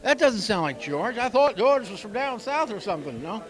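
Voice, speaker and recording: A man with a high voice hosts a local TV segment on location at a busy exhibition opening. He talks in a chatty, joking way, wanders into asides, and speaks into a handheld mic. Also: very animated, normal speed. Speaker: local TV show host. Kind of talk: casual on-location interview.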